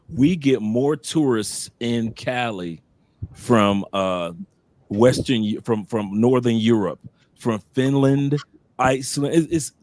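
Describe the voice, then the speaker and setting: A man hosting a casual live stream, telling stories in an animated way with many restarts. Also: medium pitch, dry recording. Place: living abroad, talking from home.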